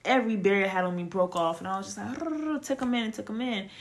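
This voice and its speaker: A woman giving a casual spoken testimony, telling her story in a chatty, animated way with lots of fillers. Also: medium pitch, fast talker. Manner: animated storytelling, acts out quoted dialogue; chatty with frequent fillers and restarts. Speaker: testimony speaker.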